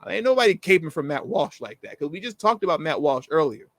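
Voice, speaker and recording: A man co-hosting a casual commentary chat, animated and slangy, acting out the people he quotes. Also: fairly high pitch, quick pace, dry recording. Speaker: co-host.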